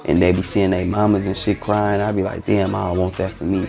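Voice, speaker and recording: A man's voice: low voice, little pitch movement, a little fast, gravelly, darkish tone, faint music behind. A man, telling a story in casual slang and acting out the dialogue as a guest. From East Oakland, California. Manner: loose, slangy, re-enacts dialogue. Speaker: interview guest.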